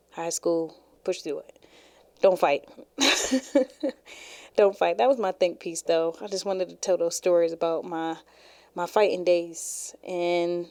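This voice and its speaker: Chatty young woman, low mellow voice. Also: no room sound. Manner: chatty, laughs often, rambling. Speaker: podcast host. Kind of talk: casual solo podcast chat.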